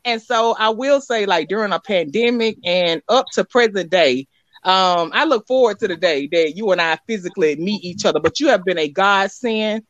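On a video call, a woman with a medium-pitched voice at normal speed delivers a rambling, heartfelt tribute as a sponsor, repeating words and using many fillers. The recording is dry, with the highs cut off.

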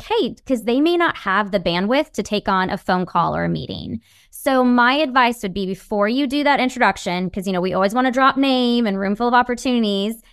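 A woman guest in an interview, giving advice in an upbeat, animated way. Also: medium pitch, clear, resonant tone, no echo, clean studio sound. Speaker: guest, networking expert. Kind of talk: casual interview chat.

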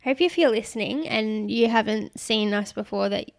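A woman's voice: on the high side, moderate pace, vocal fry. A young woman co-hosting a podcast in casual chat, with a young, giggly voice and a rambling, chatty way of talking. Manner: chatty, rambling, laughs often. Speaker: podcast co-host.

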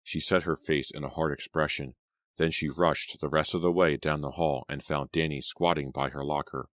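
A man narrating an audiobook in measured scripted narration, close to the mic. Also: very deep voice, fairly even intonation, a bit bright, dry recording.

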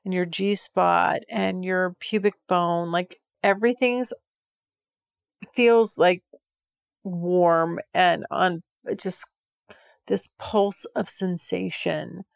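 Woman host with a gravelly fry, just rambling candidly, dry close-mic sound. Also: medium pitch, no room sound. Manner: frank, rambling, heavy use of filler words. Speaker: podcast host. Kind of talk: candid monologue.

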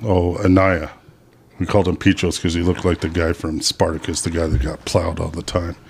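Low-voiced man telling work stories. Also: moderate pace, vocal fry, slight background noise. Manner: animated, laughs at his own stories. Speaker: podcast guest. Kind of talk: casual profane storytelling.

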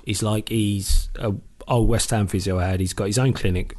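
A man's voice: on the low side, steady tone, moderate pace, a little mellow. Swearing ex-footballer telling his story. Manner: swears freely, retells with quoted dialogue. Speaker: podcast guest, former footballer. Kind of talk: casual storytelling.

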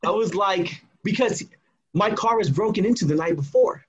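A man's voice: high-pitched, moderate pace, husky, dull audio. A man telling a personal story in a casual way, acting out what each person said. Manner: animated, acts out quoted dialogue.

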